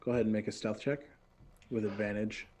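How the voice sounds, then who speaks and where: A man narrating as game master in a relaxed way, often pausing with fillers. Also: lowish voice, slight background noise.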